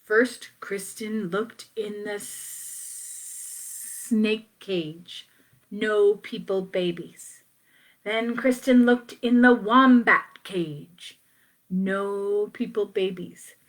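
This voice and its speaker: A woman reading a children's picture book aloud, playful and expressive, with asides to her young listeners. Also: mid-range voice, very slow. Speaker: children's story reader.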